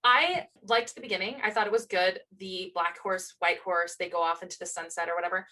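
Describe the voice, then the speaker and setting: A woman's voice: lowish voice, fairly even intonation, a little fast, sharp tone, low-quality recording. A woman co-hosting a podcast in casual chat, gushing with enthusiastic fan talk. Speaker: podcast co-host.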